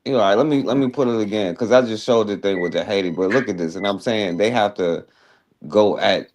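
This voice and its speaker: A man's voice: on the low side, fairly quick, darkish tone. A man hosting a talk show, casually commenting on a video clip in a loose, slangy way.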